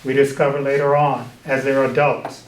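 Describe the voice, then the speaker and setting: Guy sharing in a workshop circle, mid pitch, echoey room, explains things earnestly. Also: level tone, moderate pace. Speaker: voice teacher, workshop participant. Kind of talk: sharing in a group discussion. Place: conference breakout room.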